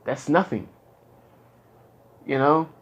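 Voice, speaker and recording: A young man speaking as a client in therapy, frustrated and rambling, with frequent halting restarts. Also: fairly high pitch, fairly bright tone, muffled recording. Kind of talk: candid casual talk.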